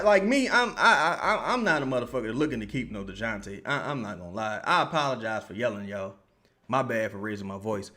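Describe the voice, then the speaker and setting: A young man, streaming commentary on a basketball game. He curses, repeats himself and greets chat viewers by name. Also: medium pitch. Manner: profane, excitable, yells at the players then calms down. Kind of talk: live-stream watch-along commentary.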